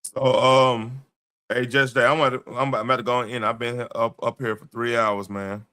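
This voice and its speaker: A man hosting a late-night livestream talks bluntly and loosely in slang, often restarting his sentences. His voice sounds tired and worn, though its tone stays bright. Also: mid-range voice, level tone, moderate pace, clean tone. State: tired, voice wearing out. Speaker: livestream host.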